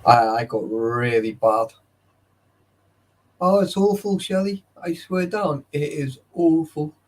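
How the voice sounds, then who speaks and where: A man's voice: on the high side, slow pace. A young man chatting casually with live viewers, tired and sleepy, swearing often and greeting chatters by name. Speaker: livestreamer.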